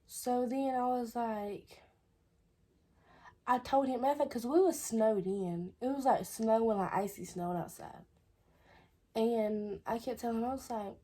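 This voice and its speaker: Young woman vlogger, AAVE, husky tone, rambling "I was like" storytelling. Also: fairly high pitch, normal speed, dark tone. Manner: chatty, repeats "I was like". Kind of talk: casual storytelling.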